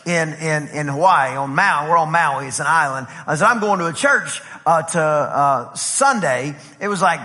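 A male pastor preaching at a conference, telling a lively story and acting out the dialogue. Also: a little high, moderate pace, hardly any pauses. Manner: animated, acts out dialogue with voices and laughs. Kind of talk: storytelling sermon. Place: large conference hall. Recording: long hall reverb.

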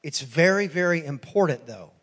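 A man's voice: on the high side, lively intonation, moderate pace, a bit bright, breathy edge. A preacher quoting a tearful insistent eight-year-old boy. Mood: earnest. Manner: pleading, repeating himself through tears. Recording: echoey church hall.

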